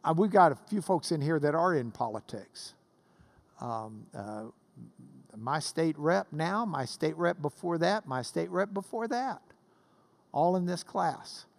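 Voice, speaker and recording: Preacher guy in his 50s, pretty high voice, tells a story then gets fired up. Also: animated, unhurried, creaky. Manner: storytelling with swells of rising intensity. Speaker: pastor. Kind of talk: sermon.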